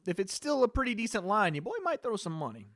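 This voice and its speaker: High-voiced man giving casual live commentary. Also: quick pace, no echo, clean studio sound. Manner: relaxed, rambling, profane, talking to chat. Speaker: live stream host.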